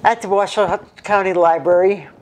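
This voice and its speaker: A woman's voice: mid-range voice, steady tone, normal speed, slight background noise. A woman in casual chat as an interviewee, rambling and repeating herself while she tells corny jokes.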